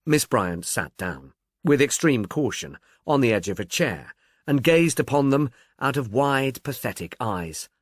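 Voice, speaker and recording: A man reading a novel aloud in a wry, measured storytelling voice. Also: medium pitch, very animated, no echo, clean studio sound. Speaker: audiobook narrator. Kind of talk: scripted narration.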